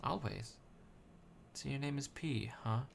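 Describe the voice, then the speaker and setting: A man reading the lines of a polite, earnest young boy in a quiet, plain voice. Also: mid-range voice, measured pace, gravelly, a little hiss or hum.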